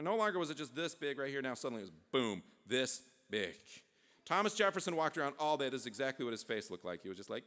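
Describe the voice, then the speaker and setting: A man giving an author talk, telling a history story to an audience in a playful, animated way. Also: a little high, fast talker. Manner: playful, voices many characters. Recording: long hall reverb.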